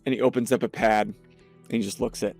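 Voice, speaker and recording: A man running a tabletop game as game master, narrating scenes with unhurried description. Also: lowish voice, fairly even intonation, darkish tone, faint music behind.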